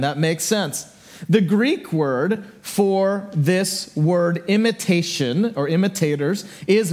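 A man's voice: high voice, a little mellow. A middle-aged man preaching a sermon as a pastor in a church, telling stories with playful asides and acting out voices. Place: church sanctuary.

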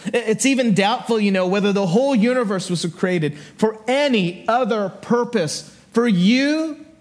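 A middle-aged man preaches in a church with a voice pitched high for a man. He tells stories with playful asides and briefly acts out the people in them. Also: unhurried. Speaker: pastor. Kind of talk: sermon. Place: church sanctuary.

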